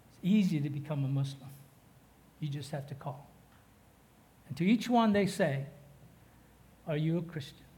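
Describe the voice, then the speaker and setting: A man with a fairly high, warm voice preaches as a guest pastor. He drops into chatty, joking asides to the congregation, and his delivery gains force whenever he reads from the text.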